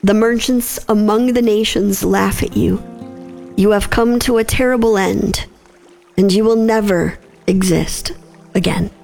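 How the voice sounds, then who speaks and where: A woman reads scripture and leads a prayer at a slow, deliberate pace. Her voice carries a gravelly rasp, and faint music plays underneath her reverent words. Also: medium pitch, fairly even intonation, a little mellow. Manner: slow, measured, reverent delivery. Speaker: scripture reader and prayer leader. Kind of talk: scripture reading and spoken prayer.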